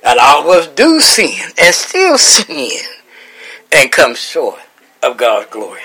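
Man preaching a bible chat, higher voice, slow, repeats himself and builds up. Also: huge pitch swings, pushed and bright, breathy edge, rough recording. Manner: repetitive, rising emotional emphasis. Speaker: host and Bible teacher.

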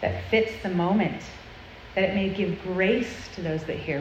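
A woman's voice: on the low side, unhurried, a little hiss or hum. A woman giving an earnest, confessional talk to a group of girls, conversational and full of tag questions. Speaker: speaker at a girls' church event. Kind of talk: sermon. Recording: roomy, muffled sound with faint ambience.

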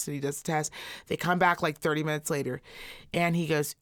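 A woman in her thirties co-hosting a podcast, telling a story in a profane, animated way and acting out the quotes. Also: low voice, fast talker. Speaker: podcast co-host. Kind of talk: casual storytelling chat.

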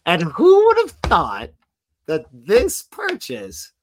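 A man's voice: high voice, wildly swooping pitch, takes it slowly, slight background noise. A man co-hosting a podcast, telling a long story in a casual, rambling way with lots of "like" and restarts. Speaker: podcast co-host.

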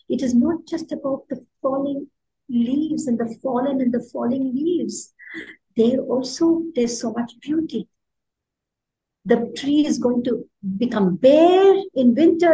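A middle-aged woman with an Indian accent, a poet leading a workshop, explaining with expressive emphasis and often repeating words for stress. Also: fairly high pitch, poor audio. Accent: Indian English. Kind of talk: workshop teaching.

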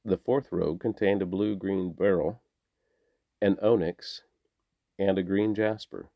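A man giving a scripted scripture reading in a measured, deliberate way. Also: low voice, fairly even intonation, no echo, muffled recording. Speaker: scripture reader.

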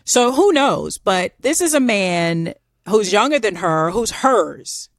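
A woman with a Southern US accent, co-hosting a podcast and telling a story in a chatty, animated way with many fillers. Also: mid-range voice, slow, no echo, studio quality. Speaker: podcast co-host. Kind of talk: casual storytelling chat.

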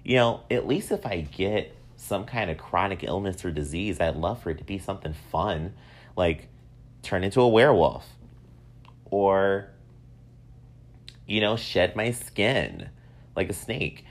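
A man in his thirties with a very low voice, hosting his own podcast. He talks casually and tells stories about himself in a lively, self-mocking way. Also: a little slow, long pauses. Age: 30s. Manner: self-mocking, animated storytelling. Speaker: podcast host. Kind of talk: casual solo podcast monologue.

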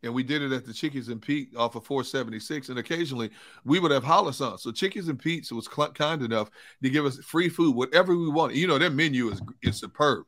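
Bright-voiced man telling a lively story. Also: mid-range voice, quick pace. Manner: animated storyteller, laughs as he tells stories. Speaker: co-host, sports reporter. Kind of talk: casual sports talk, storytelling.

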